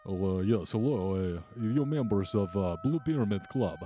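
A man's voice: on the low side, animated, moderate pace, warm tone, close to an everyday voice. A man voicing a greedy doorman at a club, putting on a foreign that keeps slipping. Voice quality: put-on foreign accent that slips. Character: male doorman of an Egyptian-themed club, gruff and greedy.

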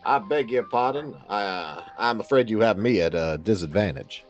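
A man voicing a courtly, suave gentleman with a put-on American Southern accent, playing a tabletop game. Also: fairly low pitch, expressive, moderate pace, highs cut off, soft background music, close to an everyday voice. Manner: courtly, formal.

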